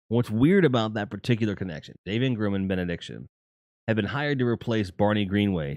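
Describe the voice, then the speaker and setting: A man with a low voice that still jumps around a lot, hosting a chatty, rambling talk full of jokes and asides. He sounds close to the mic in a dry room with no echo. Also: darkish tone. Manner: rambling and jokey, with lots of fillers and laughs. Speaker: host. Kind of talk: casual chat.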